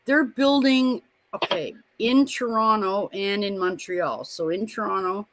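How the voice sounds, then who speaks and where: Stream co-host, woman, 50s, blunt and animated storyteller, dry close sound. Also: mid-range voice, measured pace, dry recording. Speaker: co-host of a live watch party stream. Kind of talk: casual chat.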